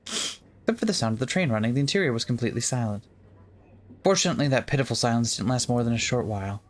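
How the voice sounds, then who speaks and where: A let's-play co-host narrating a visual novel in an even, mid-range voice, reading the passages steadily but with a playful streak that breaks through between them. The delivery is casual rather than polished. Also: mid-range voice, quick pace. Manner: playful, breaks into laughter and jokes.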